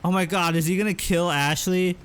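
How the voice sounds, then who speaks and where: A man streaming a horror game, chatting casually and hesitantly with many fillers, now and then yelling at the game. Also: steady tone, brisk, a little hiss or hum. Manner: rambling, hesitant, lots of fillers; yelps at the game in a higher voice. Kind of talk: casual gameplay commentary.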